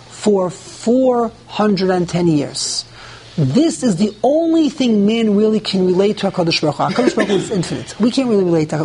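A man's voice: high voice, slightly rough. A man teaching a Torah class, explaining step by step and repeating key words, with Ashkenazi pronunciation of the Hebrew terms.

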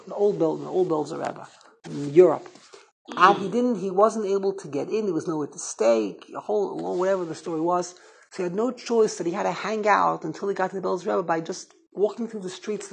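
Husky-voiced rabbi, rambling animated storyteller, Torah class. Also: male voice, sits high, low-quality recording. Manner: rambling, animated storytelling with Hebrew and Yiddish terms.

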